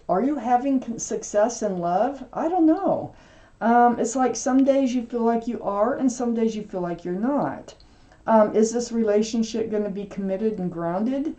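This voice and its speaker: Soft-toned woman giving a tarot reading. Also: a little high, lively intonation. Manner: halting, with frequent ums and restarts; gentle, reassuring, speaks directly to the viewer. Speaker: tarot reader. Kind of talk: casual tarot reading to camera.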